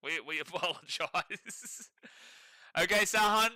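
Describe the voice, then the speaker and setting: A man's voice: high-pitched, slow pace, pushed and bright, no room sound. Sarcastic Australian man on a sports stream. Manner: sarcastic, laughs often, reads chat aloud. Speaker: livestream co-host. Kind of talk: casual live sports watch-along commentary.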